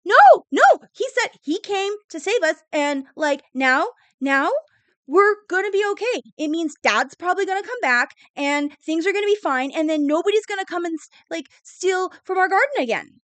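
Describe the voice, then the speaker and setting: A woman voicing an eager little girl of about six who babbles excitedly in a fantasy tabletop game. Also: very high-pitched, moderate pace, no echo, voice pushed up. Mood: insistent.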